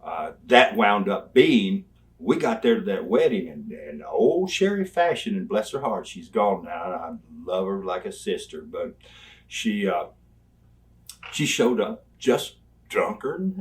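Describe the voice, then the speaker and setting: An older man, telling animated, folksy stories as an interview guest and laughing along the way. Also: on the low side, measured pace. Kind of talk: storytelling in a sit-down interview.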